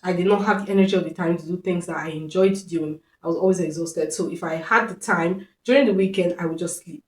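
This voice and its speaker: A woman's voice: on the low side, quick pace. A woman vlogger telling a personal story in an earnest, reflective way, repeating phrases for emphasis. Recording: roomy echo.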